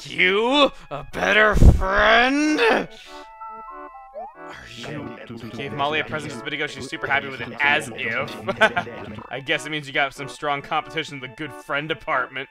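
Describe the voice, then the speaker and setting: Young male let's play host, high and very animated, jokey and loud, game music underneath. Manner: animated, joking, quick to yell in excitement.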